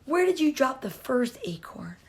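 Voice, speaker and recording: A woman's voice: high voice, sing-song, moderate pace. A woman voicing a small, earnest hen in a storybook reading, insistent and bravely serious.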